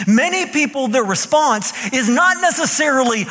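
A male pastor preaching a sermon to a live congregation in a playful, animated way that draws the listeners in. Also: sits high, moderate pace, long reverb tail.

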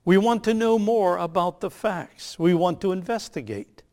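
An older man, a pastor, delivering a sermon with emphatic, measured phrasing that slows on key lines. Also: high-pitched, animated, darkish tone.

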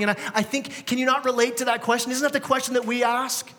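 A man's voice: very high-pitched, fairly even intonation, fast, hardly any pauses, sharp tone. A man in his thirties preaching a sermon in a church, conversational and full of rhetorical questions to the congregation. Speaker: pastor. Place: church sanctuary. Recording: long church hall reverb.

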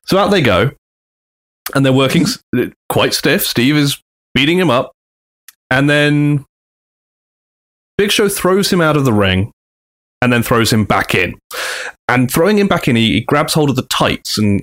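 A man's voice: medium pitch, moderate pace, long pauses. A man co-hosting a podcast, telling a story casually and acting out the quotes. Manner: animated, acts out quotes in big voices. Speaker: podcast co-host.

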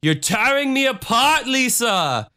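A man's voice: very high-pitched, big pitch swings, a little slow, bright, forceful tone, clean tone, pitched above the performer's own voice, heavily acted. A man doing a melodramatic, anguished movie lead. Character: overwrought man, impression of a cult film's lead.

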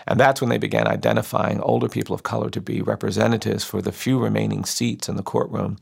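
A middle-aged lawyer telling a story slowly and earnestly, quoting the people in it. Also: male voice, lowish voice, little pitch movement, gravelly, slightly rough. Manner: slow, earnest storytelling with quoted voices. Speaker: civil rights lawyer. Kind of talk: storytelling speech.

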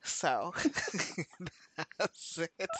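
A woman co-hosting a casual TV recap chat, animated and full of asides and laughs. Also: fairly low pitch. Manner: animated, tangents, quick asides, laughs often. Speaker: podcast co-host.

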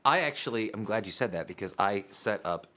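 A brisk, lowish male voice belongs to a podcast guest in his thirties from Utica, New York. He's chatting casually and tells stories in an animated way, acting out quotes and swearing freely.

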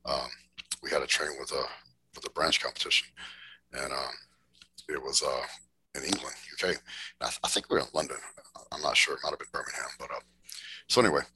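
Man, deep, gravelly, bright, drawling, swearing, laid-back chat. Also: quick pace, pauses often, slight background noise, rough recording. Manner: laid-back drawl, swears freely, laughs through stories. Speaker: podcast guest, bodybuilder. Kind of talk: casual storytelling.

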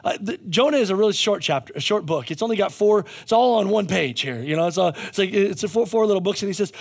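A man's voice: high voice, animated, fast, gravelly, hardly any pauses. A male pastor giving a conversational sermon, telling a story with jokey asides and frequent restarts.

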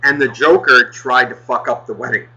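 Brief: male podcast co-host, sharp bright voice, foul-mouthed exasperated storyteller, muffled lo-fi audio. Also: medium pitch, normal speed. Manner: profane, exasperated, heavy swearing. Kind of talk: casual storytelling rant.

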